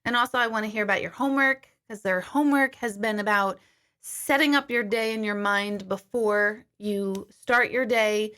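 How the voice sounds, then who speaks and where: A middle-aged woman, a medium, telling a story in a casual, animated livestream from her kitchen, swearing freely. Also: mid-range voice, normal speed. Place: home kitchen.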